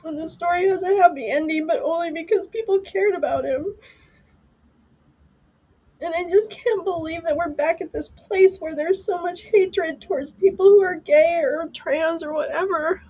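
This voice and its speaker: A woman's voice: extremely high pitch, moderate pace, a little mellow, rough recording. A middle-aged woman hosting a live stream, talking in an emotional, rambling and profane way because she is upset.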